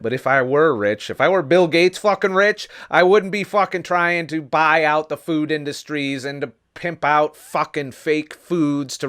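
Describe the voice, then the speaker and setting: A man's voice: lowish voice, fairly bright tone. A man ranting on his vlog, swearing heavily, heated and sarcastic, talking into a camera mic. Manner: profane, heated ranting with mocking mimicry. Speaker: vlogger.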